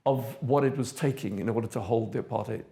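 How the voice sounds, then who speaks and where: An older man from South Africa, an interviewee recounting his past in a measured, thoughtful way with frequent pauses. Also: mid-range voice, gravelly, warm tone. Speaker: interviewee, theatre director. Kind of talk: reflective personal recollection.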